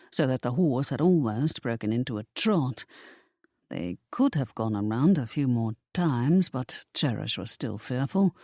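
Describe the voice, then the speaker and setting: Steady mid-pitched audiobook narrator, dry close recording. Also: dry recording. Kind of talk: scripted narration.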